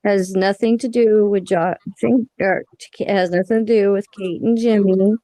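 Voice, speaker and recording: Casting: woman host, gentle, hesitant, calls people honey, dry close sound. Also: medium pitch, steady tone, normal speed, dry recording. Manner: sweet-talking, hesitant with ums. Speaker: livestream host asking questions. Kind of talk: casual chat.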